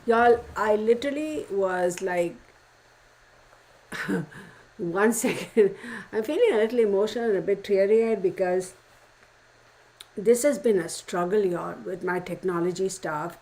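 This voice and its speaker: A woman's voice: mid-range voice, unhurried, long pauses, darkish tone, rough recording. A woman hosting a live stream, talking casually to her viewers in a frustrated, rambling way with many restarts and lots of "y'all.". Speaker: tarot channel host greeting live chat viewers. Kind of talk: casual livestream chat.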